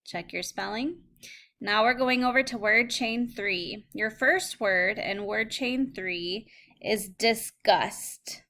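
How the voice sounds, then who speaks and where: Woman teacher, slow careful dictation, bright tone, recorded phonics lesson. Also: on the high side. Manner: slow, clear word-by-word dictation.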